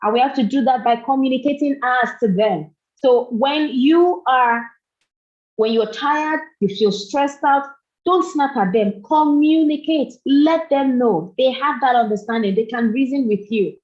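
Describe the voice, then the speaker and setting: A woman's voice: high voice, a little slow, a little mellow. A middle-aged woman speaking at a parenting summit, earnest and repeating phrases for emphasis. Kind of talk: motivational talk. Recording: dull lo-fi recording.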